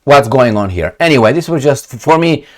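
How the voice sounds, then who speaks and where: Animated, exasperated man ranting. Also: mid-range voice, moderate pace, a little hiss or hum. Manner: rambling, exasperated, with many hesitations and restarts. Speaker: commentary vlogger. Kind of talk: opinionated commentary to camera.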